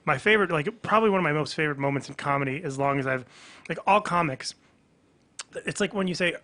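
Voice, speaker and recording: A comedian guest on a podcast, chatting casually and telling a story with lively acted-out dialogue. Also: male voice, fairly high pitch, quick pace. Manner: animated storyteller, acts out quoted dialogue.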